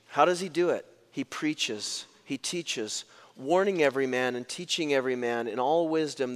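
Animated male pastor preaching in a reverberant hall. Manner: animated storytelling with big swings in pitch and loudness. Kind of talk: sermon.

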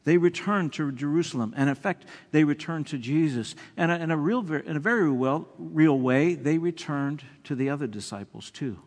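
A male pastor preaching a sermon with animated delivery, restarting words and swinging between loud emphasis and quiet lines. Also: on the high side, normal speed, few pauses, in a large hall.

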